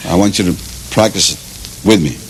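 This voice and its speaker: A man from Cuba with a Cuban accent gives a playful, mock Spanish lesson, chuckling and drilling slow repetitions. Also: low-pitched. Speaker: teacher. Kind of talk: comic mock language lesson. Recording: loud background noise.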